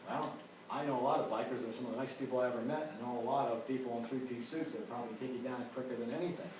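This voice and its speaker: A man's voice: medium pitch, fairly even intonation, very fast. A man teaching an ethics class, talking casually with personal stories and lots of "you know" and "right?". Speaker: ethics instructor. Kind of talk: classroom lecture with personal anecdotes. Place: lecture room. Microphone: distant room mic. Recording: very echoey room, voice far from mic, faint hiss.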